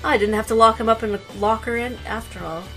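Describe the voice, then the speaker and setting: A woman co-hosting a let's play, chatting casually and reading game text aloud in a playful, deadpan way. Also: on the high side, fast, music in the background, rough recording.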